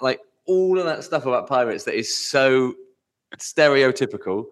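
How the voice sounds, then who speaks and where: A man co-hosting a podcast in casual chat, rambling and trailing off quietly at the ends of phrases. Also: medium pitch, very animated, moderate pace. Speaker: podcast co-host.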